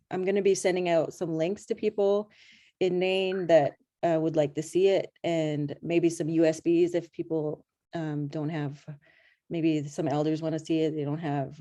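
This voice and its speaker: A woman filmmaker on a video-call panel, explaining calmly with many ums and pauses. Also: low voice. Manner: unhurried, halting, many ums. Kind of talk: casual panel conversation.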